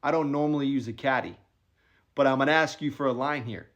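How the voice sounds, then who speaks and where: A man quoting a deadpan, unsmiling joker in a slightly lower, quieter voice. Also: brisk, highs cut off, close to an everyday voice. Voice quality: deadpan, flat delivery. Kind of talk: quoted impression in a story.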